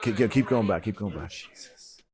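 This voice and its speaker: A man hosting a podcast, chatting casually while watching a movie, excitable and prone to stammering restarts. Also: on the low side, moderate pace, a crowd in the background. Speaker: podcast host.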